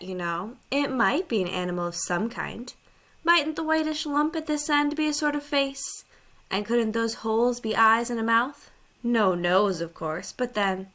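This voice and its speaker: A woman voicing a mild, thoughtful she-elephant who reasons gently, in a storybook reading. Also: a little high.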